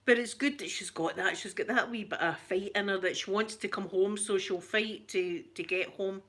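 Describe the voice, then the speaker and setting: A woman's voice: medium pitch, normal speed, fairly bright tone. Chatty Scottish woman, laughing storyteller. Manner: chatty, laughing often, repeats phrases. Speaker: livestream host. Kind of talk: casual live chat.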